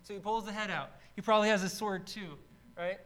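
High-voiced man teaching a Bible study. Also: brisk, low-quality recording. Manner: casual and energetic, acts out shouted quotes.

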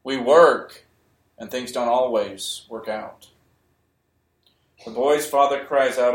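A man's voice: mid-range voice, takes it slowly, pauses often. A man preaching a sermon, emphatic and repeating key phrases, sometimes raising his voice. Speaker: pastor. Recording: echoey room.

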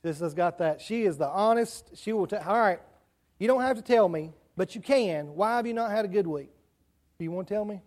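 A man's voice: high voice, lively intonation, a little fast, a little mellow. A man with a rural Southern country accent giving a children's sermon in church, chatty and asking the kids questions. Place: church sanctuary.

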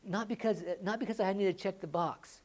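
A woman preaching a sermon in a church, moving between loud, excited rhetorical questions and quiet, earnest appeals. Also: mid-range voice, brisk.

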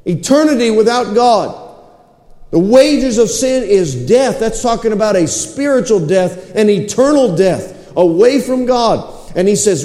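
A man preaching a sermon, telling a scripture story with lively acted-out quotes. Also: sits high, unhurried, roomy sound, in a large hall.

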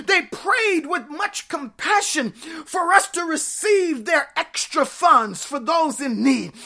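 High-voiced lady preacher, bright and punchy, shouting and laughing through the sermon. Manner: emphatic, shouting, laughing often, calls for response.

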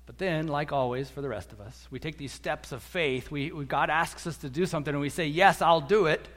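A man preaching a sermon as a pastor, animated, acting out quotes and repeating words as he goes. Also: on the high side, fairly quick. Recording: echoey hall.

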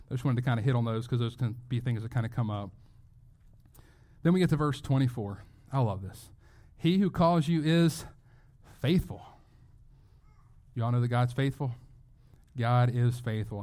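A man's voice: medium pitch, dark tone. A man preaching a sermon as pastor, earnest and emphatic, often restarting his phrases.

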